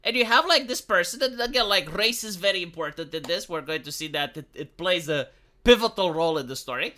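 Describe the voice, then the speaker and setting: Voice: mid-range voice, expressive, a little fast, pushed and bright. A streamer from Romania, ranting in a video commentary, indignant and full of fillers and restarts.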